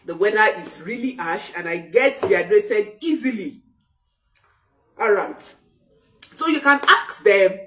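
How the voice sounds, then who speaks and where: A woman's voice: mid-range voice, lively intonation, unhurried, pauses often, bright, forceful tone. A woman parenting coach giving an emphatic motivational talk, often repeating key phrases for stress.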